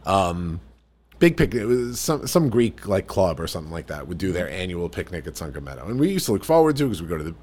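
A man from the New York area, telling family stories in casual podcast chat, animated and full of restarts. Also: low voice, quick pace. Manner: animated storyteller, restarts sentences.

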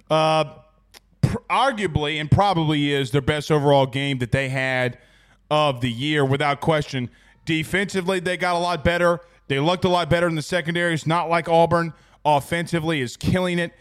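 A man's voice: a little high, smooth. A man hosting a sports podcast, reading sponsor plugs and breaking down college football in a rambling, self-correcting way. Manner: rapid-fire, rambling with restarts. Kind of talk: casual sports talk and ad reads.

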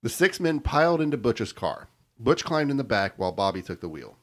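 A man's voice: medium pitch, sing-song, fairly quick. A man co-hosting a podcast, steadily reading out a crime story in casual chat and stumbling over hard names. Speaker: podcast co-host telling the story.

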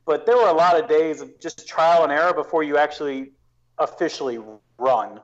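A man's voice: on the high side, a little fast, highs cut off. A man talking as a guest on a casual podcast, explaining his planning at length with frequent restarts and fillers.

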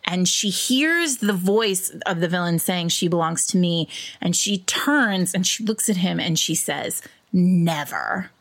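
A woman's voice: fairly low pitch, animated, unhurried, hardly any pauses, fairly bright tone. Rambling, laughing woman podcast host. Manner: rambling, full of "like" and "um", laughs often. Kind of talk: casual podcast chat.

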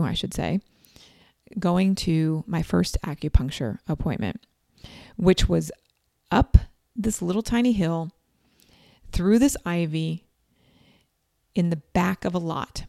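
A woman in her forties telling a personal story in a chatty, animated way, acting out quoted lines. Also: lowish voice, takes it slowly, vocal fry, long pauses, dry recording, studio quality. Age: 40s.

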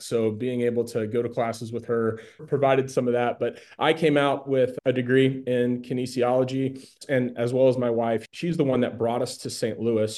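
A man in his forties speaking as an interview guest, candid and earnest about his own life. His voice sits at an ordinary middle pitch, and he often repeats a word as he gathers his thoughts. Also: darkish tone. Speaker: nonprofit founder, guest. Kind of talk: conversational interview storytelling.

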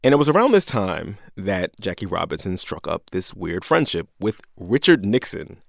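A man's voice: low voice, big pitch swings, normal speed, creaky, dry recording, studio quality. A man co-hosting a podcast, telling a history story in a casual, jokey way and laughing often. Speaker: podcast co-host.

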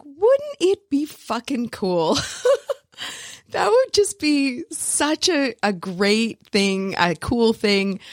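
A woman hosts her own podcast in a loose, animated solo chat. She laughs often, swears freely, and talks straight into a close mic. The sound is dry, with no room around her, and her voice sits at a middle pitch. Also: dry recording. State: recovering from recent illness. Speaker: podcast host.

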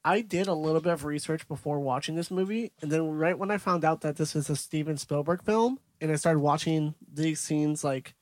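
A man's voice: fairly high pitch, brisk, hardly any pauses, no room sound. A young man co-hosting a movie podcast, recapping scenes in detail in casual chat. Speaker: podcast co-host.

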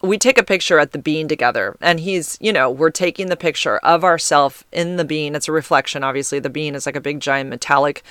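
Woman podcast host, chatty and animated, smooth clear tone, recorded dry on a close mic. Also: low voice, brisk, few pauses, no echo. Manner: chatty, heavy use of "like" fillers. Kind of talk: casual storytelling monologue.

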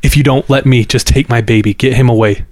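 A man's voice: mid-range voice, steady tone, brisk, a little mellow, no room sound, clean studio sound, lightly acted. A man voicing a frantic young woman clutching a baby, pleading urgently and breathlessly.

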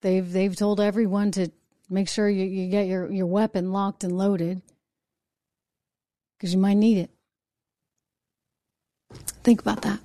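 A woman's voice: medium pitch, flat delivery, unhurried, long pauses, dark tone, no echo, clean studio sound. A middle-aged woman hosting a political commentary show, emotional and indignant as she reads viewer comments. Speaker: talk show host.

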